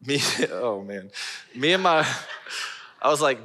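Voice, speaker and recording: A man preaching a sermon as pastor, telling a funny personal story with lively, self-mocking delivery. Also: mid-range voice, slow pace, long reverb tail, slight background noise. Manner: animated storyteller, laughing at himself. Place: large church auditorium.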